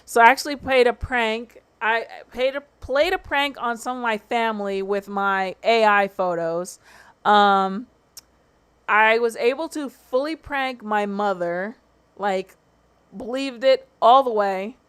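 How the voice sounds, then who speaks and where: A woman's voice: on the high side, unhurried, a bit bright, clean tone. A woman hosting a casual livestream, talking in a chatty, slangy way and swearing freely. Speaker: livestream host.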